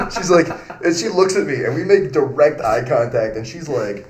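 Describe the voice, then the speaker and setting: A man's voice: medium pitch, expressive, normal speed, noisy background. A young man on a podcast, rambling through an anecdote and acting out what people said. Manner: rambling anecdote-teller who acts out quotes. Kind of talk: casual storytelling chat.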